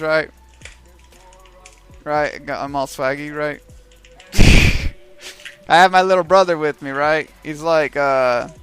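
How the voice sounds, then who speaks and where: A man's voice: fairly high pitch, a bit bright, smooth. A man telling a rambling, profanity-heavy story on a stream. He keeps checking in with his listeners by asking "right?". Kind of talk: casual storytelling.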